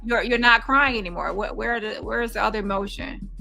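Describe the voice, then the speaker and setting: High, bright, mocking woman reaction host. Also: fairly quick, gravelly, faint music behind. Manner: mocking, sarcastic, incredulous. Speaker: commentary show host. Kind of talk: reaction commentary livestream. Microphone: phone.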